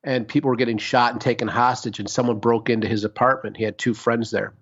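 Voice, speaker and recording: A man's voice: mid-range voice, steady tone, quick pace, fairly bright tone, muffled recording. A man co-hosting a podcast in casual chat, talking emphatically and swearing freely as he rambles from thought to thought. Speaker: podcast co-host.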